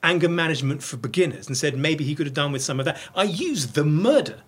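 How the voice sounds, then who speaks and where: A middle-aged man races through a candid interview, his words spilling out at a breakneck clip. His slightly raised voice has a husky edge. He is blunt, swears freely and keeps restarting his sentences. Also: a little high, expressive. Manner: rapid, blunt and profane, with many restarts. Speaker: podcast guest.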